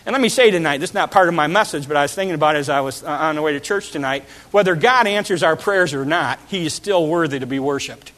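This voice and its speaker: Earnest preacher man, slightly high voice. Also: fast, few pauses, fairly bright tone. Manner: repeats and restarts words often; earnest, emphatic delivery. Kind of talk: sermon.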